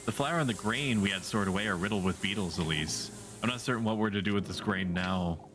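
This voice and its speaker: A man's voice: on the low side, a little fast, background noise, lightly acted. A man voicing a worried middle-aged male villager who explains a village's troubles in an earnest way.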